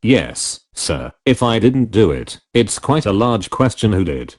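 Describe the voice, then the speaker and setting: A man voicing a solemn, deferential male manservant with a slight Irish accent and smooth, formal speech. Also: on the low side, big pitch swings, heavily acted. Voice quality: smooth, liquid tones. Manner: formal, measured, says sir often.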